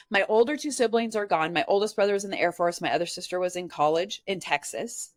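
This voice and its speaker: A woman's voice: medium pitch, fast talker, few pauses, no echo, clean studio sound. A woman from Nebraska, a podcast guest, tells a personal story in an earnest, candid way and often says "like" as a filler. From Nebraska, USA.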